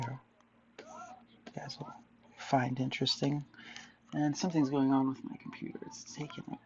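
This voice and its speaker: A man with a deeply gravelly, creaky voice rambles through a casual drawing vlog, wandering off topic and correcting himself as he goes. The recording is dull and lo-fi, with a faint hiss underneath. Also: darkish tone. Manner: meandering, self-correcting, jokey asides. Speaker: artist vlogger.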